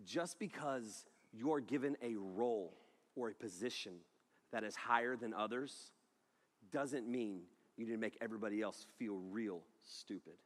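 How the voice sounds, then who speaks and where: A man preaching a sermon to a live audience, telling a funny story in an animated way, laughing and shouting as he acts out the scene. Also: fairly low pitch, moderate pace. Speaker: youth pastor. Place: large hall. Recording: echoey hall with long reverb.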